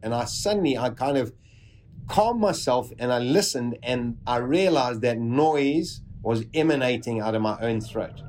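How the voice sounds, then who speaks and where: A man's voice: medium pitch, expressive, a little mellow. Man telling a dramatic survival story. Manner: vivid, dramatic retelling with pauses.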